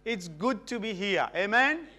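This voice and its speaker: A man's voice: high voice, measured pace. A middle-aged man from Mauritius, preaching a sermon as a guest and calling for responses from the congregation. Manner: animated, calls for audience responses.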